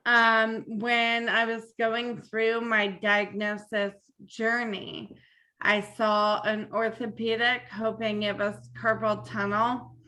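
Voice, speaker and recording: A woman speaks slowly and frankly over a video call, telling a personal story. Her voice is bright and a little high, with a sharp edge. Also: level tone. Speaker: panel participant.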